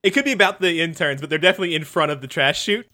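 A player in an improvised tabletop role-play game, telling the scene with a very lively rise and fall in the voice. They laugh and swear freely. The sound is close and dry. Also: mid-range voice, rapid-fire, no echo.

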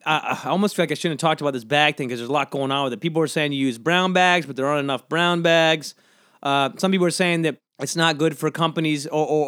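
A man from the American South hosts a casual solo podcast, thinking out loud in loose, rambling sentences full of fillers and second thoughts. His voice sits fairly high for a man. The sound is dry and close, with no room echo. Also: smooth. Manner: rambling, self-questioning, lots of fillers. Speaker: podcast host.

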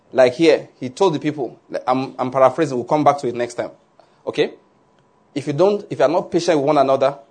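Husky-voiced man preaching a lively sermon. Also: a little high. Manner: animated preaching, asks "are you getting my point?" often. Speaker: pastor.

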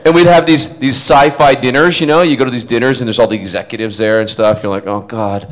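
A man's voice: mid-range voice, fast. A middle-aged man on stage at a fan panel, telling funny stories and acting out the quotes as he goes. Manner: animated storyteller who acts out quotes. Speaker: convention panel guest. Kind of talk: casual anecdote telling on stage.

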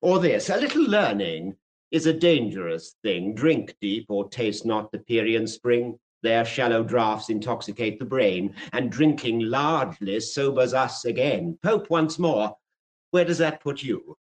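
An actor playing a smooth, mocking fire captain in a vintage radio drama, taunting a younger fireman with quotations. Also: medium pitch, expressive, measured pace, lightly acted, poor audio. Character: silky, mocking male fire captain who loves quotations.

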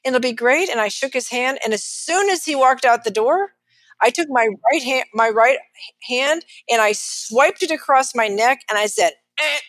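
A middle-aged financial advisor with a Texan accent, telling stories lively in an interview and acting out the people she quotes. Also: high voice, moderate pace, dry recording. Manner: animated, acts out quotes of others. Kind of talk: storytelling in a podcast interview.

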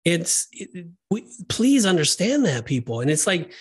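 A man co-hosting a faith podcast, talking in an earnest, emphatic, animated way. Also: high voice, a little slow, breathy edge. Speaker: podcast co-host. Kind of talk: casual faith discussion.

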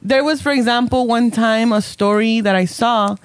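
A woman's voice: on the high side, moderate pace, no echo. A woman on a casual podcast, laying out her opinions bluntly and without apology. She slips between English and Spanish and swears freely. The recording is dry, close and free of any room sound.

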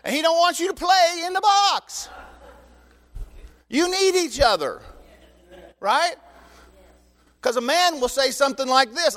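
Older male pastor, high-pitched, animated teaching sermon in a reverberant hall. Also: unhurried, pauses often. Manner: animated, joking asides to the congregation. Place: church sanctuary. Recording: long reverb in a church hall.

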